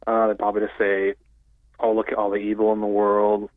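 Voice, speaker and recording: A man's voice: lowish voice, monotone, a little fast, no room sound. Male caller on a tinny phone line.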